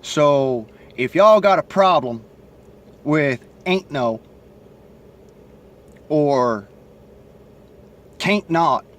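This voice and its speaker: A man's voice: a little high, expressive, drawn-out words, pauses often, highs cut off. A man with a Southern accent and a stutter, talking bluntly and profanely into his cell phone in a rambling monologue. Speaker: vlogger. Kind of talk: casual monologue to camera.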